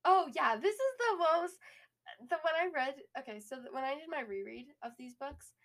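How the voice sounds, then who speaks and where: A young woman co-hosting a casual book podcast, animated and quick to laugh. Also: sits high. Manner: giggly, animated. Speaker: podcast co-host.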